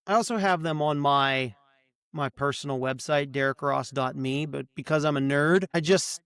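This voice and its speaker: A man's voice: a little high, moderate pace, fairly bright tone, clear, resonant tone, no echo. A middle-aged man co-hosting a podcast, chatting casually and enthusiastically about tech, often restarting his sentences. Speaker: podcast co-host.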